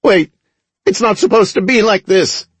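A squeaky little alien grunt. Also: male voice, big pitch swings, a little slow, a bit bright, slightly rough, dry recording, heavily acted. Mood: shrill taunting. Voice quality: squeaky, shrill. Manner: taunting, childish whining. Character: squeaky small alien grunt soldier, cocky then panicky. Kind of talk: audiobook character voice.

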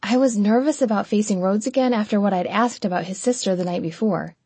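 A woman narrating an audiobook in the first person, with an even, measured reading and close miking. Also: mid-range voice, slightly rough, no room sound.

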